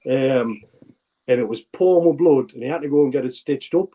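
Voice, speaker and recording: Ex-footballer guest, 40s, North East English accent, relaxed rambling storyteller. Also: male voice, medium pitch, brisk, husky, dull audio. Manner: rambling anecdotal storyteller, many restarts. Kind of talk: casual interview chat.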